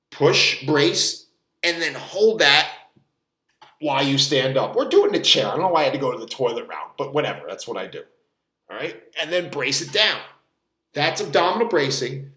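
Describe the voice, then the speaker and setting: Casting note: high-voiced male fitness coach, rambling, swears offhand, recorded in an echoey room. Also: a bit bright. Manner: rambling, swears casually, demonstrates strained voice while bracing. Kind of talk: casual rambling explainer.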